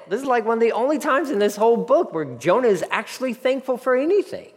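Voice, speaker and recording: A man preaching a casual, animated sermon, acting out the people in his story. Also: very high-pitched, fast, hardly any pauses. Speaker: pastor. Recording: long hall reverb.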